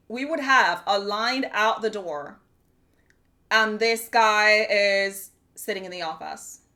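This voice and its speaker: A woman streamer telling a workplace story in casual chat, animated and profane, often exasperated. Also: mid-range voice.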